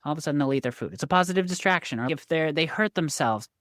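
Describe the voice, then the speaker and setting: A woman coach talks with real enthusiasm, her pitch leaping around as she makes her points. The sound is dry and close, with no room echo. Her delivery is motivational and energetic. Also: very fast. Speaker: guest, success coach and pickleball coach. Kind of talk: casual interview talk.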